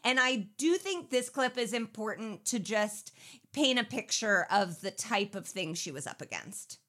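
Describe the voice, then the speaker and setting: A woman's voice: a little high, measured pace. A woman co-hosting a podcast, chatting casually and animatedly as she recaps a film. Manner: chatty, animated, says "like" a lot. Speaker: podcast co-host.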